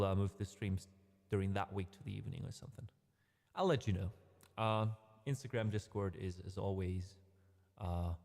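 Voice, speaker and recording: A man's voice: fairly low pitch, a little mellow, long reverb tail. A man hosting a casual music livestream, rambling a little, correcting himself and talking to his chat in a friendly way. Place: home streaming room.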